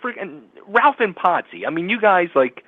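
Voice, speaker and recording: Excitable male radio host, phone-line sound. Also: high-pitched, moderate pace, no room sound. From Philadelphia area. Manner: excitable, laughs often, acts out quotes. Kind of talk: casual storytelling chat. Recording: tinny phone-line audio.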